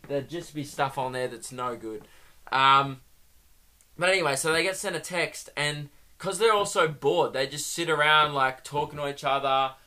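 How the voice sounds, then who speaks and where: A young man hosting a comedy podcast, riffing in an animated, mocking way with free swearing. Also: on the high side. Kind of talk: comic monologue.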